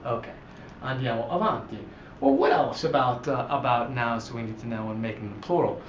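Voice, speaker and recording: Male language teacher, patient and halting, stretches out examples; echoey, dull, slightly hissy recording. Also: mid-range voice. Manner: patient, explains slowly with many fillers and restarts; stretches out example words for emphasis. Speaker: Italian teacher. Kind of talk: slide-based grammar lesson. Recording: echoey room, dull audio, faint hiss.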